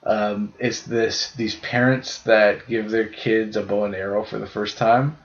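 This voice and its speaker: Flat and lowish, this young podcast co-host speaks at a measured pace over a dull lo-fi recording. His casual chat drifts through rambling stories laced with heavy swearing.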